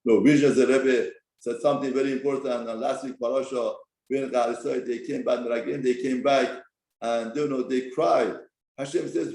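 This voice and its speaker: A man giving a Torah class, telling a story with lively emphasis and broken English phrasing. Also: medium pitch, normal speed, vocal fry, roomy sound, rough recording. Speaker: Torah teacher. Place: study hall.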